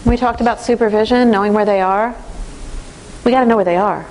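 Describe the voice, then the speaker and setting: A woman giving a parenting training lecture in an animated way, acting out the voices of teens and parents. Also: mid-range voice, fairly quick, slight background noise.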